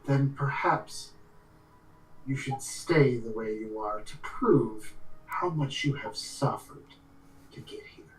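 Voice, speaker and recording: A game master voicing an aloof, condescending elf man who speaks slowly and coolly. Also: mid-range voice, reverberant, lightly acted, poor audio. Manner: slow, cool, condescending.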